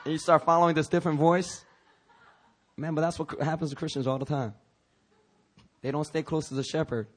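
Slightly high-voiced casual pastor man. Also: fairly even intonation, a little fast, long pauses. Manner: jokey and informal, frequent restarts and asides. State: coughing now and then. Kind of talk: casual conversational sermon.

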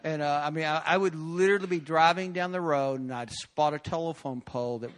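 A man's voice: fairly high pitch, brisk. A man preaching at a prayer meeting, telling a personal testimony with bursts of emotion and laughter. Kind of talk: sermon testimony.

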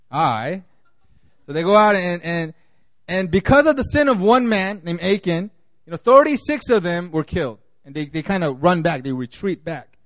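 High-voiced male pastor, casual sermon, lots of restarts, dry close sound. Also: no echo. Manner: conversational, many fillers and restarts.

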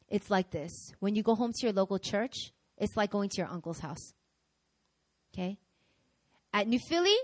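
A middle-aged woman pastor preaching a sermon in an animated way, acting out voices as she tells examples. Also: mid-range voice, no echo. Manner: animated, acts out quoted voices.

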